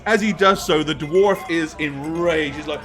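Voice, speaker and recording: A man's voice: on the high side, normal speed, a bit bright, soft background music. Man narrating as game master. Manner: loose narration with many fillers.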